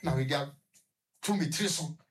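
A young man with a Ghanaian accent, a guest on a radio discussion, telling a personal story in a halting way and stuttering repetitions. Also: fairly high pitch, slight background noise.

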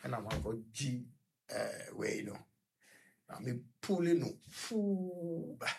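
A young man with a Ghanaian accent, a guest on a radio discussion, telling a personal story in a halting way and stuttering repetitions. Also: medium pitch, sing-song, creaky, noisy background.

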